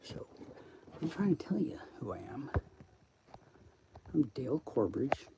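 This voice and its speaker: A man's voice: mid-range voice, very animated, unhurried, creaky, noisy background. A man talking on a live stream in a rambling, profane monologue that jumps from topic to topic.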